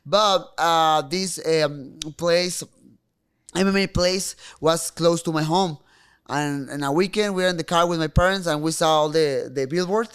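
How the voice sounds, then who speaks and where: A young man from Mexico whose first language is Spanish, speaking English with a Mexican accent. His voice sits a little high and sounds smooth and resonant. He talks in stops and starts, circling back over his words. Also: a bit bright. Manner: halting, many restarts and fillers. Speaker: guest fighter. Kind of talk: casual interview talk.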